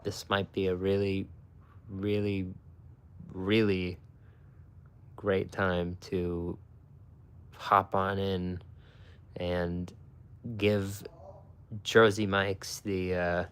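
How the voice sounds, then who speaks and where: A man's voice: low-pitched, little pitch movement, very slow, pauses often, fairly bright tone, clean tone. A young man streaming live, chatting casually with his viewers and swearing a lot. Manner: profane, talks to chat.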